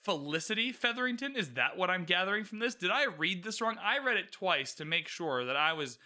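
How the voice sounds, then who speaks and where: A man giving casual, animated commentary on a book and its show adaptation, swearing freely and asking "you know what I mean". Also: sits high, brisk.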